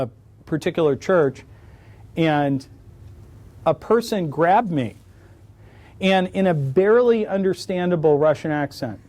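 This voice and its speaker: A middle-aged man fields questions after his lecture in a conference hall, his voice sitting high for a man. He talks as a wry storyteller, slipping jokes into his answers. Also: darkish tone. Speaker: conference speaker.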